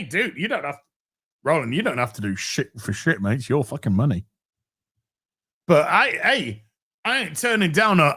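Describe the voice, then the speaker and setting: Lively, profane man chatting on stream. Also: on the high side. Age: middle-aged. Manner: profane, animated, restarts phrases often. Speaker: livestream host. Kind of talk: casual live-stream chat.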